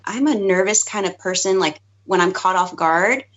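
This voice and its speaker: A woman chatting casually as a podcast guest co-host, talking quickly with lots of fillers and giggles. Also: mid-range voice, fairly bright tone. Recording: dull lo-fi podcast audio.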